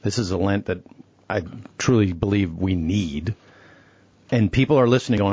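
A man's voice: sits low, fairly quick, long pauses, darkish tone, breathy edge, dry recording, muffled recording. A man hosting a faith talk show, speaking candidly and asking his guest questions. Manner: friendly, candid, asks questions.

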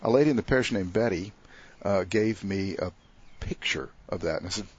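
A man's voice: low voice, brisk, slightly rough, muffled recording. A man, a parish priest, chatting on a radio pledge drive and telling stories with a laugh now and then. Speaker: priest guest. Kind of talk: casual storytelling interview.

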